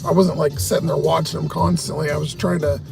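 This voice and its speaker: Man, high gravelly voice, profane agitated rant, casual livestream, faint music behind. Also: little pitch movement, a little fast. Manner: profane, agitated, heavy cursing. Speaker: livestream host.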